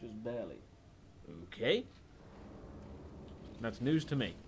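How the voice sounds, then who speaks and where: Swearing British gamer with a Welsh lilt. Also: male voice, medium pitch, sing-song, takes it slowly, slight background noise. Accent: British, slightly Welsh. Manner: chatty, swears and mutters at the game. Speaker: gaming streamer. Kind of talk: live game commentary.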